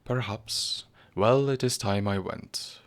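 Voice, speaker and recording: A calm, gently obstinate priest, as a male reader puts him on in a storybook reading. His tone stays measured and low-pitched, firm without ever raising itself. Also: no room sound. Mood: gentle, firm.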